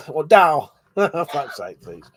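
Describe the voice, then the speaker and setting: A man's voice: a little high, sing-song, slow pace, no echo, studio quality. Tipsy, swearing British man on a livestream. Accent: British English. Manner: swears casually, laughs often, reads chat comments aloud. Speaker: livestream host. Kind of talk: casual drunk livestream chat.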